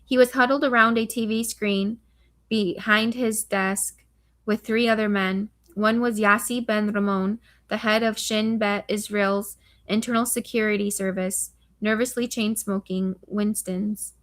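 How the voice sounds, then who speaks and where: A woman's voice: mid-range voice, steady tone, measured pace, fairly bright tone. A woman narrating a thriller novel as an audiobook, reading steadily with occasional slips and restarts.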